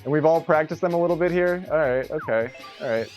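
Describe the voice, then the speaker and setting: A man streaming an online golf game live, commenting excitedly, laughing often, swearing and scolding himself over his shots. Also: a little high, soft background music. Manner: excitable, swearing, quick to laugh and self-critical.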